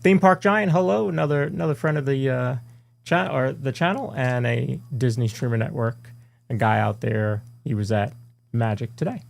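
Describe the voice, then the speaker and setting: A man's voice: mid-range voice, moderate pace, creaky. A man co-hosting a live podcast, rambling in a casual way with lots of fillers and restarts. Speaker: podcast co-host.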